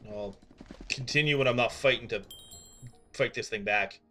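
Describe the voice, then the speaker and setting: A man's voice: medium pitch, normal speed, bright, forceful tone, soft background music. A young man from Canada chatting casually with viewers on a live stream while he plays, rambling and full of fillers as he gets distracted.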